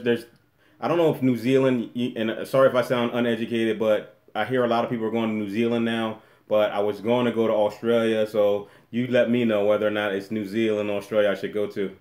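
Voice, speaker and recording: A man's voice: on the low side, flat delivery, fast talker, darkish tone, echoey room. A man hosting a casual live-stream Q&A from a room at home, rambling and restarting often as he reads the chat aloud. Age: adult with a daughter.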